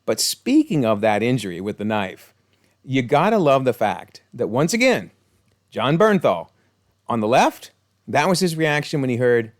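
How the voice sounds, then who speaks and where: A man's voice: medium pitch, big pitch swings, moderate pace. A man giving enthusiastic, chatty commentary on a TV series, with frequent laughs and fillers. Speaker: video commentator. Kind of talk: casual commentary.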